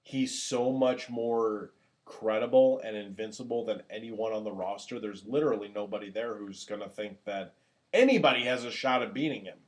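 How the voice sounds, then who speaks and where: A man co-hosting a casual podcast, animated and profane, who has the hiccups. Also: fairly low pitch, normal speed. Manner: animated, swears freely, gets loud when worked up. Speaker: podcast co-host.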